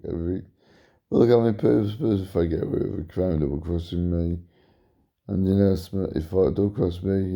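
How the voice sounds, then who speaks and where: Man, vlog monologue, deep voice, very dark and husky tone, tired, meandering. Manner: meandering, repeats himself, sudden pitch jumps. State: tired, yawning. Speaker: vlogger. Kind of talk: rambling monologue to camera.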